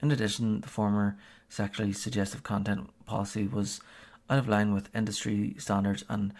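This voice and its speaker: A man's voice: fairly low pitch, level tone, moderate pace, a little mellow. A man streaming a game, chatting casually and reading a policy aloud, hesitant with many fillers and frequent chuckles.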